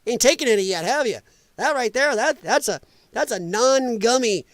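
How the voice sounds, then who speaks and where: A man hosts a live commentary stream. His voice is animated and jumps up and down in pitch, and he mocks what he hears with blunt, profane remarks and frequent laughs. The sound is dry and close. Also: moderate pace, no room sound. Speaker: host of a political commentary stream.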